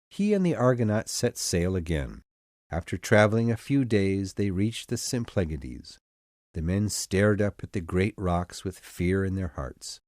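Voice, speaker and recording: Man narrating myths with a lively lilt. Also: fairly low pitch, no room sound, studio quality. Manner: expressive, storytelling delivery. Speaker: audiobook narrator. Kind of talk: scripted storybook narration.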